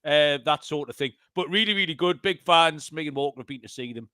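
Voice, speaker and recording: Bloke hosting a pod, jokey and sweary, slightly high and bright. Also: male voice, fairly quick, clear, resonant tone, no room sound, studio quality. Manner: swears, laughs often, jokey. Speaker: podcast co-host. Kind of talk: casual chat.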